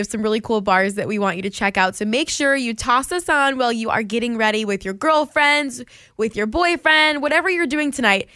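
A woman co-hosting a radio show, playful and quick to laugh. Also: on the high side, a bit bright, no echo, clean studio sound. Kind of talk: casual chat.

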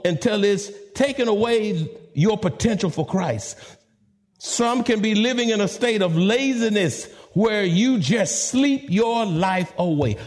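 A male pastor preaching a sermon, swinging from soft hushed lines to sudden high exclamations. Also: expressive, measured pace.

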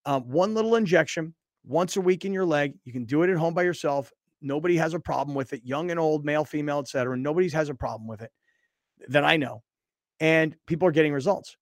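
A man's voice: quick pace, no room sound, studio quality. A man hosting a sports talk show, chatting casually, reading a sponsor spot and telling a story with rising indignation. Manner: animated storyteller, gets louder and higher when indignant. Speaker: sports talk radio host. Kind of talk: casual sports chat and live ad read.

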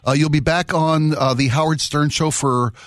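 A man's voice: on the high side, fairly even intonation, normal speed, a bit bright, no room sound. A male radio host in a studio who interviews his guest and praises him freely. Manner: effusive, matey, with lots of praise.

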